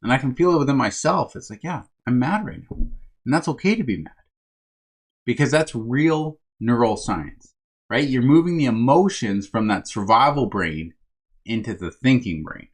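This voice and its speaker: A man's voice: mid-range voice, expressive, normal speed, slightly rough. A man giving a motivational self-help talk as a coach for first responders, speaking conversationally, checking in with "right?" and calling his listeners "my friends".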